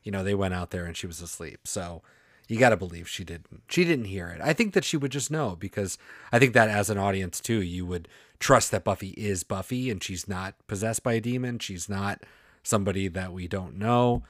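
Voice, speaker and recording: A man co-hosting a casual podcast, reasoning aloud in a measured way. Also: sits low, no echo, studio quality. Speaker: podcast co-host. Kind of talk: casual chat analyzing a TV episode.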